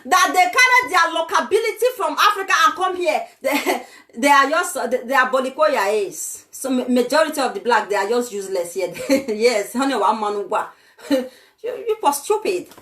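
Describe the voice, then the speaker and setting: A woman's voice: sits high, big pitch swings, moderate pace, fairly bright tone, a little hiss or hum. Fiery young Nigerian woman ranting. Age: young adult. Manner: insulting, scolding, fiery. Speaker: vlogger. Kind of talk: ranting vlog.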